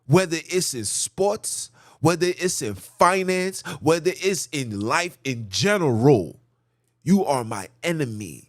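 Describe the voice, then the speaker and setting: A man's voice: on the high side, lively intonation, slow pace, no echo, clean studio sound. A man hosting a podcast, delivering a heated, preachy monologue that drives his points home with repeated lists. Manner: preachy, emphatic, repetitive lists. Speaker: podcast host. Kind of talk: ranting commentary monologue.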